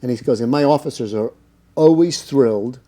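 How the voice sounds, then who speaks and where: Here a cannabis business owner, middle-aged and American, is the guest in an interview. His mid-range voice has a dark tone and a fairly quick pace, and his long stories wander casually, thick with fillers and acted-out quotes.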